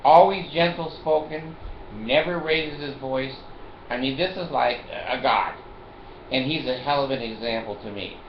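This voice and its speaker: A man's voice: mid-range voice, unhurried, a little hiss or hum. An older man in a casual monologue to the camera, rambling and joking and laughing often. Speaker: vlogger. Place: at home in a chair. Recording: roomy, dull home recording.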